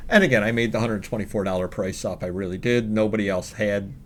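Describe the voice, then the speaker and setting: A man's voice: lowish voice, quick pace. A man co-hosting a casual reselling show, chatting and listing items with many fillers. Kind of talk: casual chat about sales.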